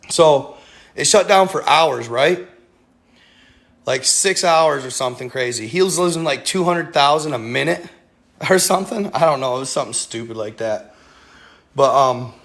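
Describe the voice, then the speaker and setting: A man's voice: mid-range voice, vocal fry, a bit bright. A man hosting a casual livestream, rambling with many fillers and talking straight to his viewers. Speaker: livestream host.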